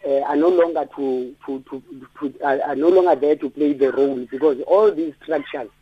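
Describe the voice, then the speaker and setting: A man's voice: a little high, steady tone, normal speed, slightly rough, no echo. A South African man calling in to a radio show, speaking earnestly with stammered restarts. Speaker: caller. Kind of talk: radio call-in. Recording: dull lo-fi phone line.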